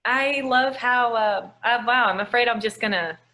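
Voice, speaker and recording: A woman's voice: fairly high pitch, moderate pace, pushed and bright. A female actress being interviewed, hesitant and searching for her words. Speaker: actress guest. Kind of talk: casual interview.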